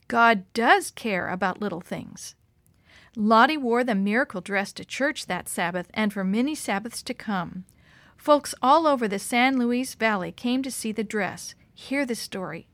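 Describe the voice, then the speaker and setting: A woman reads a children's story aloud with expressive, lively storytelling. Her voice sits fairly high, and the recording is close and dry, with no room sound. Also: no echo.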